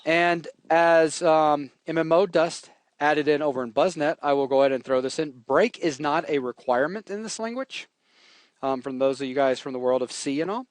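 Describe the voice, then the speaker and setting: Male coding instructor, relaxed and jokey, talks while typing; slightly high voice, dead-dry close mic. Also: moderate pace, dry recording. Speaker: programming instructor. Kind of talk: live coding tutorial.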